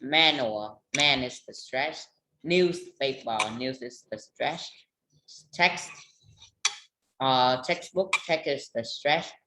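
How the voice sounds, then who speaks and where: An English student on a video call, reading words aloud haltingly and naming the stressed part of each word. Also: mid-range voice, pushed and bright, slight background noise. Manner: hesitant, halting learner English.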